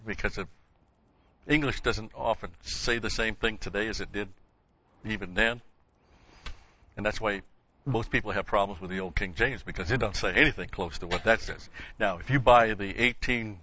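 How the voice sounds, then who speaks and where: A man's voice: fairly low pitch, bright, forceful tone, lo-fi sound, slight background noise. A man teaching an informal Bible class, talking in a rambling, conversational way with folksy asides.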